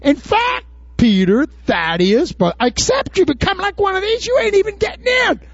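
A preacher pitching his voice way up to play a blunt, exasperated teacher who drawls his scolding in a high, swooping voice. The sound is dull and lo-fi, with a dry, close feel. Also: big pitch swings, normal speed, fairly bright tone, no echo, heavily acted.

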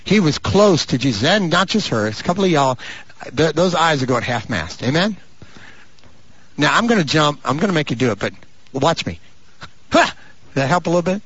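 A pastor preaching a sermon with a husky, rather high voice that swoops constantly. He climbs into drawn-out fervent shouts and drops into mock voices for his asides. The recording is muffled and lo-fi. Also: very animated. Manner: rising to fervent, stretched-out shouts.

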